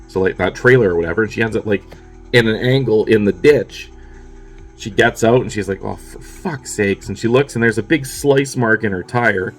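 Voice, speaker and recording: A fairly low-voiced man talks through a film's plot in a loose, offhand way. He peppers his recap with casual swearing and shrugging fillers. Faint music sits quietly under his voice. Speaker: movie reviewer. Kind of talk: casual spoken movie recap.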